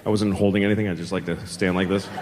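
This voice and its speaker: A man's voice: sits low, little pitch movement, quick pace, darkish tone, some chatter behind. A middle-aged man doing stand-up comedy, telling stories in a profane, conversational way on a big theater stage. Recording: echoing live hall, audience noise.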